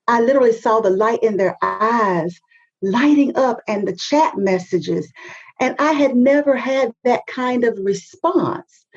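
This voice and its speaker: A woman's voice: on the high side, darkish tone, slightly rough, muffled recording. A woman, a guest on an interview show, speaking with fervent, emphatic conviction and repeating phrases for effect. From North Carolina, US. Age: 50s. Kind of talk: podcast interview.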